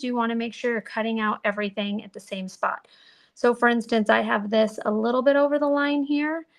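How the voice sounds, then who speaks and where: A woman's voice: fairly high pitch, gravelly. A woman giving a chatty, self-deprecating crafting demo, talking to viewers as she works. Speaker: card-making demonstrator.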